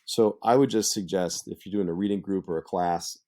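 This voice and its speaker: A man's voice: deep voice, moderate pace, darkish tone. A man teaching a literature lesson in a conversational, explanatory way, with frequent fillers and asides. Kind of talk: explanatory lecture.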